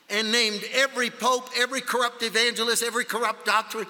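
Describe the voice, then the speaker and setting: A man preaching a sermon at a conference, telling a story emphatically and rising to shouts. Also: very high-pitched, quick pace, hardly any pauses. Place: large conference hall. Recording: long hall reverb.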